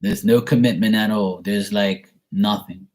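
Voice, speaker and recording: A rambling, easygoing man from Bermuda reads out viewer messages and answers them with a relaxed, low-pitched voice. He chats casually, drifts off topic and laughs at his own remarks. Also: a little slow, slight background noise. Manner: chatty and rambling, laughs at himself. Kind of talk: casual live chat reading.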